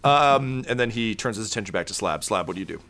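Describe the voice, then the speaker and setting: Game master, a man with a bright, clear voice, relaxed and full of fillers. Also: lowish voice, fast. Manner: laid-back, many fillers. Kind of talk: narrating a tabletop game. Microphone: video call.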